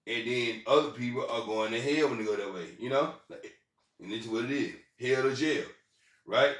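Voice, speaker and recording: A man's voice: medium pitch, a bit bright. Rambling man, far from the mic. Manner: halting, repetitive restarts and profanity. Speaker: vlogger. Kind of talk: rambling personal storytelling. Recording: roomy sound, far from the mic.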